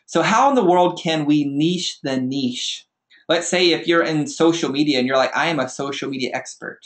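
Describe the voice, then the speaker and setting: A man hosting a podcast, giving an energetic motivational talk as a business coach and repeating phrases for emphasis. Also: on the high side, moderate pace.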